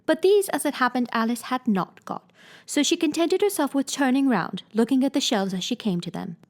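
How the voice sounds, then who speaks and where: Expressive woman reading a storybook aloud. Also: sits high, brisk. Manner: expressive, gently dramatic reading. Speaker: reader. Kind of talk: storybook read-aloud narration.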